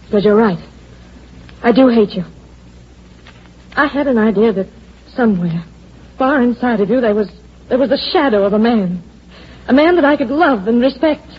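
A sharp-tongued, bitter secretary. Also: female voice, a little high, lively intonation, normal speed, long pauses, breathy edge. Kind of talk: 1940s radio acting. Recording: dull lo-fi old radio recording with faint music.

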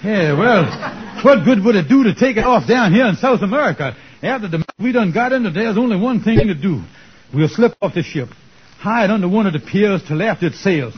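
A husky, bossy radio-comedy schemer. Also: male voice, high voice, lively intonation. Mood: scheming, bossy. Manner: bossy, fast-planning, chuckling. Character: scheming blustery grown male schemer. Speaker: comic lead in a radio sitcom. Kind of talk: 1940s radio comedy acting. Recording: muffled old radio broadcast.

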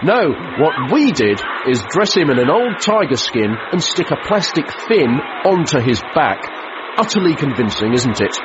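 An actor playing a boastful 1950s film studio boss giving a brisk promotional talk in a comedy sketch. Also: male voice, a little high, sing-song. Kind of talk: comedy sketch, mock newsreel. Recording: muffled recording with clear background noise.

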